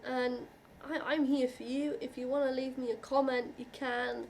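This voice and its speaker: A woman vlogger with a fairly high voice speaks straight to her viewers in a heartfelt, reassuring way. She halts and restarts often as she works through her thoughts. Faint room ambience sits behind her. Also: flat delivery, slight background noise. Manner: earnest and reassuring, halting with frequent restarts; heartfelt, openly emotional. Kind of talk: personal talk to camera.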